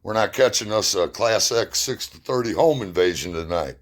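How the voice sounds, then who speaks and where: A man's voice: fairly low pitch, expressive, moderate pace. A man telling personal stories in a blunt, plain-spoken way, with emphatic retelling. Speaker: storyteller. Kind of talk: personal storytelling.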